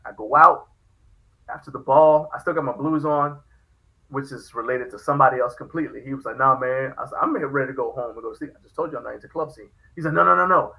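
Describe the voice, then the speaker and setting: A man's voice: mid-range voice, fast, bright, forceful tone, low-quality recording. A man hosting a podcast, telling a story in casual chat and acting out the quoted lines. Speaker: podcast host.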